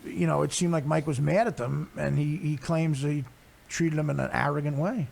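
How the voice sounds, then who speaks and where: A male podcast host, teasing his guests in casual banter and reading an article aloud a little haltingly. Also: on the high side, fairly even intonation, creaky, a little mellow, slight background noise.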